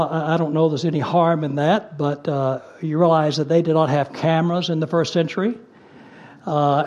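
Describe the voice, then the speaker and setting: A man preaching a sermon, earnest and emphatic, repeating key phrases and slowing down to stress scripture, with casual asides in between. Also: a little high, darkish tone, lo-fi sound. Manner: conversational asides with fillers.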